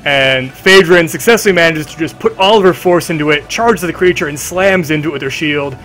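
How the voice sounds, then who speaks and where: A man's voice: a little high, a little fast, fairly bright tone, soft background music. A man running a tabletop game on a live stream, narrating in a casual, vivid way full of fillers.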